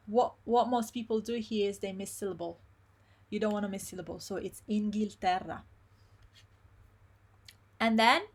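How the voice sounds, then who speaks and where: Speaking at a medium pitch, a woman teaches Italian pronunciation in a live online class. She works through drills slowly, carefully modeling every syllable.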